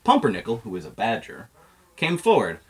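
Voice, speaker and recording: A man's voice: on the low side, wildly swooping pitch, brisk, slight background noise. A man reading a children's picture book aloud in a playful storytelling manner. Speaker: reader.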